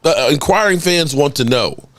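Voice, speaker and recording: A man co-hosting a casual live sports stream, reading viewer chat aloud and shouting out fans. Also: on the high side, animated, normal speed, a crowd in the background. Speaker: sports podcast co-host.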